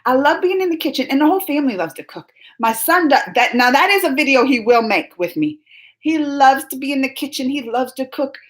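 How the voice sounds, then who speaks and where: A woman's voice: sits high, brisk. A woman in her forties hosting a live stream, chatting casually and teasingly with viewers as she reads their messages. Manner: animated, teasing, talks straight to chat readers. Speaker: live-stream host reading chat.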